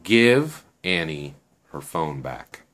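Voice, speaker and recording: A man voicing Shen, a calm, blunt young man, in a told story, speaking slowly and flatly. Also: rumbling low, pitched below the performer's own voice, heavily acted.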